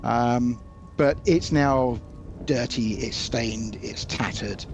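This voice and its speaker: A man's voice: mid-range voice, slow pace, soft background music. A British man playing a tabletop game, talking in the manner of a foppish, pompous prince. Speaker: player. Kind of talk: tabletop role-play.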